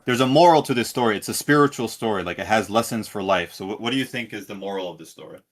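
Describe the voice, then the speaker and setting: Man guest, earnest storyteller, low-pitched, stumbles and restarts. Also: quick pace. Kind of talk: casual storytelling.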